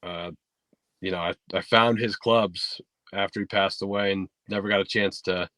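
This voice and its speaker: A man from New tells golf stories in a loose, easygoing way, stopping and restarting often. His voice sits fairly low and sounds dry and close, with no room echo. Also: moderate pace. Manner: relaxed storytelling with fillers and restarts. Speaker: podcast guest, golf instructor. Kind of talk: casual interview chat. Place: podcast studio.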